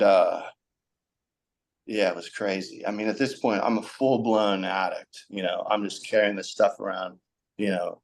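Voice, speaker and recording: A young man with a somewhat low voice, speaking as a podcast guest. He tells his story candidly and conversationally, rambling a little with fillers and the odd laugh.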